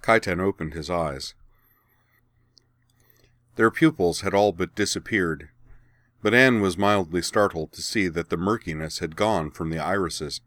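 A man giving steady, measured scripted narration of a story. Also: deep voice, no room sound, clean studio sound.

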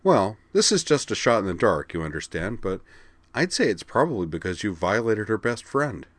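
A man's voice: fairly low pitch, very animated, fairly quick, dry recording, voice pushed up. A man voicing a casual, easygoing teenage girl duelist who talks bluntly and teases a little, in a read-aloud story. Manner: casual, offhand, quietly teasing. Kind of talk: audiobook character reading.

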